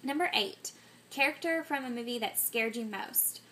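A woman's voice: fairly high pitch, moderate pace, bright, forceful tone. Chatty scatterbrained woman vlogger. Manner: scatterbrained, many ums and self-corrections. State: getting sick, coughing. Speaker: vlogger answering a movie tag. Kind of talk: casual chat to camera.

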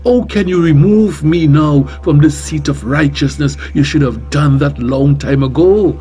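A radio talk host and reverend from Trinidad and Tobago delivers an emphatic sermon in a warm, somewhat high voice, taking it a bit slowly. His Trinidadian accent comes through as he repeats lines and asks rhetorical questions one after another, over clearly audible music.

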